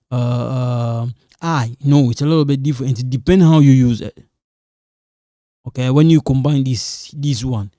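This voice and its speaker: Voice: medium pitch, mellow, no echo, clean studio sound. A French teacher giving a pronunciation lesson in non-native English, repeating sounds, checking in with "okay?" and warning the learners to be careful. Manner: warns students again and again to be careful.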